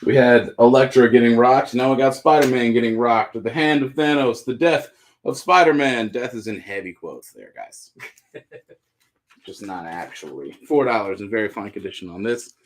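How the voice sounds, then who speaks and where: A man with a Southern American accent hosts a live sale in a loose, joking way. He chats casually as he reads out items, and his voice sits at a middle pitch. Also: moderate pace, a little hiss or hum. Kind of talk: casual live sales chat.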